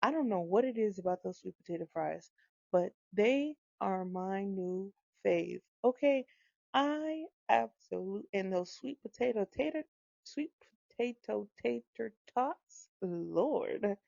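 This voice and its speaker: A woman's voice: mid-range voice, takes it slowly, vocal fry, no echo, lo-fi sound. A woman in her thirties, a mother telling a funny story in casual chat, with lots of laughing and repeated phrases. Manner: animated, laughing, repeats herself for effect.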